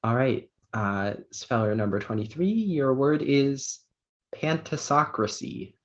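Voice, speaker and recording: A man acting as pronouncer at an online spelling bee, reading words and definitions in a measured way with small fillers. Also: mid-range voice. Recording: dull lo-fi online audio.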